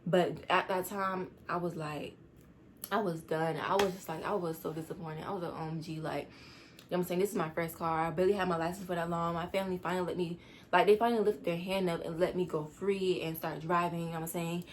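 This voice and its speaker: A teenage girl telling a storytime vlog, rushed and rambling as she tries to calm down. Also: fairly low pitch, a little hiss or hum. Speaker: vlogger.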